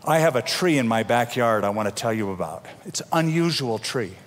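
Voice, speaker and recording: A man's voice: mid-range voice, expressive, brisk. A middle-aged man preaching a sermon as pastor, talking in a conversational way with homely asides and the odd stumbling restart. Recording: long reverb of a large hall.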